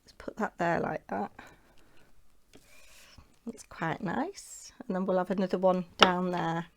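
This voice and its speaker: Woman host, lowish voice, casual self-chatting craft tutorial. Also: steady tone, measured pace, vocal fry, a little hiss or hum. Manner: chatty, talks to herself while working.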